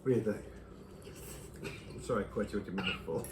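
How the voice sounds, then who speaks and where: A man's voice: fairly low pitch, background noise. A man hosting a casual home cooking show, talking easily as he cooks and plates a dish. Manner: relaxed, talks while cooking with fillers. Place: home kitchen. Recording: clattering dishes and pans behind.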